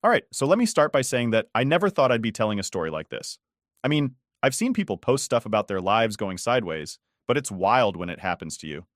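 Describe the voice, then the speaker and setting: Guy in his 30s, lowish voice, chatty storytelling, super dry close sound. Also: sing-song, brisk, no echo. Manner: casual, conversational storytelling. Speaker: narrator. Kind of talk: first-person story narration.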